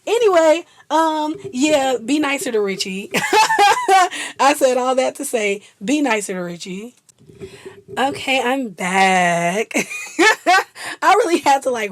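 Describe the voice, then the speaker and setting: A woman's voice: high voice, dry recording. A young woman chatting casually and laughing often as a vlogger. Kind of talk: casual chat.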